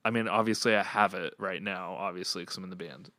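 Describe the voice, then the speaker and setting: A man's voice: low-pitched, fast, bright, forceful tone. A young man co-hosting a podcast in casual chat, earnest and rambling, with lots of fillers and restarts. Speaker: podcast co-host and band member.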